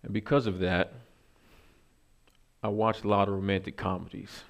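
Man preaching, low gravelly voice, casual, self-deprecating, lots of ums. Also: flat delivery, moderate pace. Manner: casual, self-deprecating, many fillers and asides. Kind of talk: conversational sermon.

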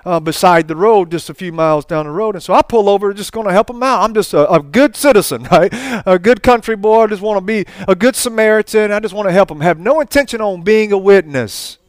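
A man preaching in a folksy, storytelling way, with quick asides and chuckles. His voice sits high for a man and sounds smooth and clear. The sound is dry and close. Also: no echo. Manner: folksy, animated testimony with asides and laughter. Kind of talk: storytelling sermon.

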